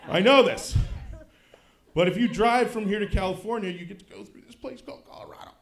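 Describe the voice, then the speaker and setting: A man in his thirties doing stand-up comedy on a club stage, swinging from low mutters to loud shouted punchlines. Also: quick pace, creaky. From Kansas City, United States. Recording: roomy club sound.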